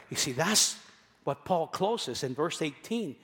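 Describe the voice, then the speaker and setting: A man with a high voice preaches a sermon in a church hall with long reverb. He is emphatic, repeats key phrases and drops from loud passages to quiet ones. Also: lively intonation, unhurried. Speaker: pastor.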